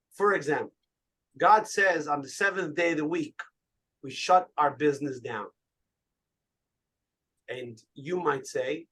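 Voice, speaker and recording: Male rabbi, slightly high voice, lively spoken sermon, repeats words as he thinks. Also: husky. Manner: animated storytelling with frequent repeated words.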